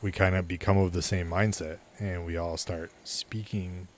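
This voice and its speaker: Man from the Midwest with a very deep voice, matter-of-fact podcast co-host. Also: flat delivery, moderate pace, a little hiss or hum. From American Midwest. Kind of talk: casual chat.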